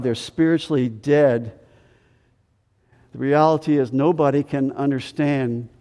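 A man preaching a sermon as pastor, earnest and repetitive, dropping from loud to hushed. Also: mid-range voice. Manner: earnest preaching, repeats words, swings from loud to quiet. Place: church sanctuary. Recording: long hall reverb.

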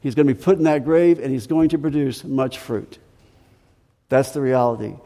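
A man preaching a sermon, deliberate and emphatic, repeating key phrases and slowing down to stress them. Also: mid-range voice, mellow, long reverb tail. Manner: deliberate preaching with slow emphatic stretches and repetition. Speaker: pastor.

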